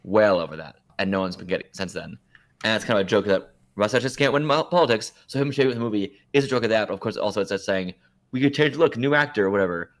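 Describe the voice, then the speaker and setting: A man's voice: on the low side, fast talker. A man co-hosting a podcast, chatting casually and rambling through his opinions, often correcting himself mid-sentence. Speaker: podcast co-host. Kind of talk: casual chat.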